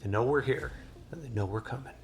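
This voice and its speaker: Man playing a brisk fatherly rebel commander. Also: medium pitch, close to an everyday voice. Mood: commanding. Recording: music playing behind.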